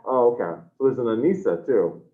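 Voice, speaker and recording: A man's voice: mid-range voice, expressive, brisk. A man teaching an online class, taking attendance in a scattered, self-correcting, apologetic way. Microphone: video call. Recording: tinny video call audio.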